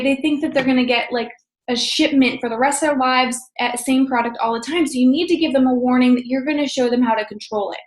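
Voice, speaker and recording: Upbeat woman, high voice, casual team coaching, echoey room. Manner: upbeat, talks fast with frequent "okay?" check-ins. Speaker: team leader training sales associates. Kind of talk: casual training talk.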